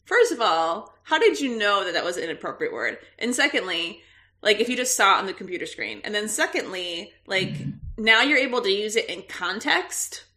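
Bright-voiced chatty woman podcaster. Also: mid-range voice, moderate pace. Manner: animated storyteller, laughs often. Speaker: podcast co-host. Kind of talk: casual chat.

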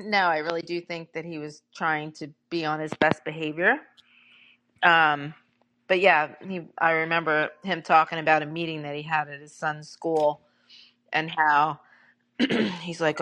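A middle-aged woman with a fairly low voice chats candidly on a podcast. She tells her dating stories at an easy, conversational clip, padding them with ums and you-knows. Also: fairly even intonation, measured pace, a bit bright. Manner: candid storytelling with frequent fillers. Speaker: podcast co-host. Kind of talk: casual chat.

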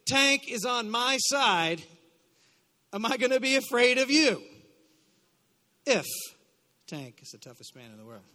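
A man preaching a live sermon as pastor, leading call-and-response declarations with chatty asides and bursts of shouting. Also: very high voice. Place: church sanctuary. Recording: long hall reverb.

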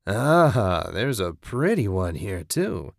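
A man's voice: fairly low pitch, very animated, slow pace, gravelly, no room sound, clean studio sound, exaggerated voice. Give me a man putting on a territorial, mocking male squatter who cackles and grumbles.

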